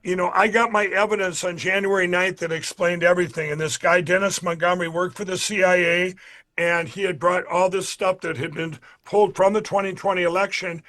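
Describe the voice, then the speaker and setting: A man being interviewed, telling a story in a casual, animated way, acting out the dialogue and often restarting his sentences. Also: high-pitched, a little fast. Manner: animated retelling, acts out quoted dialogue, frequent restarts; addresses the audience directly. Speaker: interview guest.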